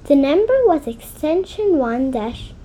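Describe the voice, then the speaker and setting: Storybook reader, woman: high, lively pitch, unhurried pacing. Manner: expressive, deliberate read-aloud. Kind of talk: reading a children's book aloud.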